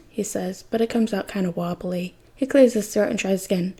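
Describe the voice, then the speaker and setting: A woman reading fan fiction aloud in a soft, intimate narration that sometimes drops close to a whisper. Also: medium pitch, moderate pace, few pauses, slightly rough. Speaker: podfic reader.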